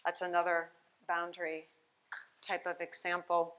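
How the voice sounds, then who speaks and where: Bright-voiced woman giving a chatty keynote. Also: on the low side, a little slow. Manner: chatty, animated storytelling with laughs. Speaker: keynote speaker, play therapist. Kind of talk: conference keynote talk. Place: conference hall.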